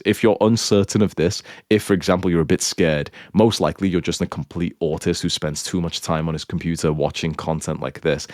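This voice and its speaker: A man's voice: low-pitched, a little mellow, no echo, clean studio sound. A young man with a blunt, crude manner, rambling through a casual monologue as a dating coach, filling his talk with "like". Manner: rambling, heavy use of "like".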